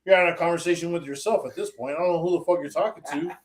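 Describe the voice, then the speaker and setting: A man with a fairly high voice spins crude stories in casual podcast banter. He swears freely and jumps into the voices of the people he quotes. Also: rapid-fire. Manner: profane, animated storytelling, acts out quotes. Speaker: podcast co-host. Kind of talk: casual chat.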